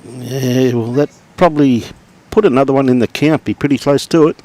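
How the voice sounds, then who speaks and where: A middle-aged Australian man doing relaxed live commentary on lawn bowls, chatting and greeting viewers by name. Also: medium pitch, moderate pace.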